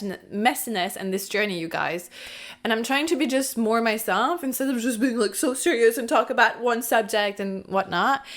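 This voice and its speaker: A woman vlogger whose first language is not English, talking to camera in a candid, rambling, casual way and swearing now and then. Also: a little high. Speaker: lifestyle and spirituality vlogger.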